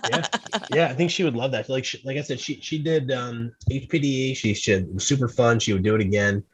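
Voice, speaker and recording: A man's voice: medium pitch, fast, husky. A man talking as a guest in a casual podcast chat, telling stories in a chatty way and often repeating words.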